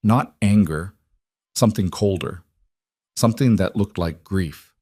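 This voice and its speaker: A man narrating a dramatic story in a calm, even reading voice. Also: fairly low pitch, a little slow, long pauses, husky, dry recording, studio quality.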